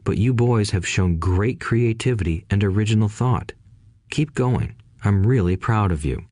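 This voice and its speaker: A man reading the part of a kind, gentle schoolteacher father who explains things patiently. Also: on the low side, lively intonation, moderate pace, dry recording, studio quality. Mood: gentle encouraging. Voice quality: soft, patient. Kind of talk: audiobook reading.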